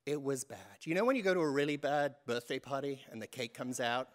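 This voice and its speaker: English guy in his 50s, joking about himself, talking to a church crowd, mid-pitched voice. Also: fairly quick. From England. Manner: self-deprecating storyteller. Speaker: church vestry member. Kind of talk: humorous stewardship talk to a congregation.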